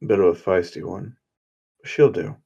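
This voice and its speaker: A man voicing a calm, guarded young male hero with a dry, understated way of talking. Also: low-pitched, moderate pace, creaky, breathy edge, muffled recording, exaggerated voice.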